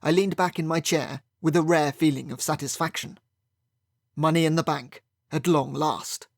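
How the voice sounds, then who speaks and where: A man's voice: fairly high pitch, steady tone, moderate pace, vocal fry, dry recording, clean studio sound. A man narrating a first-person mystery audiobook in a wry, sardonic manner.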